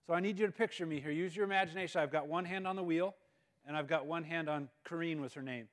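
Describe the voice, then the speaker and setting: Guest speaker, male, higher voice; animated, self-deprecating storyteller. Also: quick pace. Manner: animated, self-mocking, repeats words. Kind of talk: humorous storytelling talk. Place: school auditorium. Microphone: live-stream mic.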